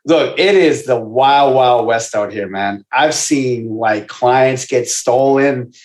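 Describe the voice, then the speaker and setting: A man who works as a basketball trainer, guesting on a casual podcast and telling stories in a profane, animated way. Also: mid-range voice, slow pace. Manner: profane, animated storytelling with asides. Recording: roomy echo.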